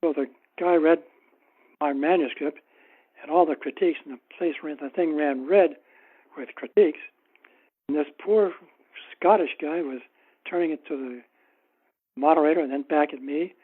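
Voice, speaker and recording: A man as an author guest in a casual interview, telling anecdotes in an unhurried, wry way. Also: on the high side. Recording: tinny phone-like line.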